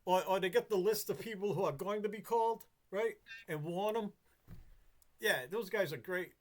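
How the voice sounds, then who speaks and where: A man's voice: high-pitched, moderate pace. A man in casual chat, rambling with frequent restarts and freely swearing.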